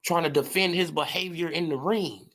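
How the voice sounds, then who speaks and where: Fairly high in pitch and a bit bright, the man speaks at a moderate pace while hosting an informal boxing stream. He answers chat, laughs often, and keeps up a profane, mocking tone.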